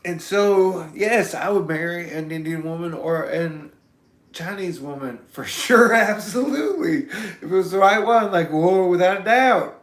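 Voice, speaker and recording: A man vlogging in a loose, meandering monologue, cursing freely and swinging from mumbles to shouts. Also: sits high, expressive, measured pace, echoey room. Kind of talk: rambling casual monologue.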